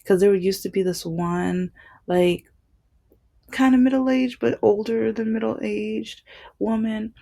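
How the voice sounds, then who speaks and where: A woman's voice: medium pitch, fairly even intonation, slow, creaky, mellow. A woman vlogging in a casual, rambling monologue full of fillers and restarts.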